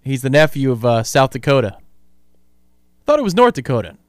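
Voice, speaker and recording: A man's voice: mid-range voice, big pitch swings, brisk, no room sound, studio quality. A man co-hosting sports radio, wry and prodding, summing up his partner's points. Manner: wry, prodding questions, sums up the other's point. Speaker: radio co-host.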